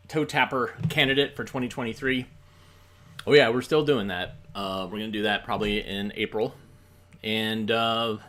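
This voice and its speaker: Um homem apresentando uma sessão de filmes antigos, falando de forma casual e hesitante, com muitas pausas e "uh". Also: male voice, mid-range voice, fairly bright tone. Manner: rambling, with many fillers and pauses. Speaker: host of a film screening stream. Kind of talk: casual chat.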